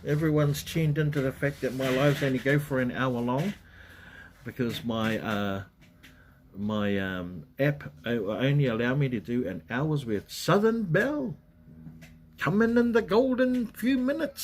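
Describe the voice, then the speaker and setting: A man's voice: mid-range voice, animated, unhurried, slight background noise. A man hosting a casual livestream, chatting in a rambling way and greeting viewers by name. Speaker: livestream host. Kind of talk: casual live chat. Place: at home in Western Australia.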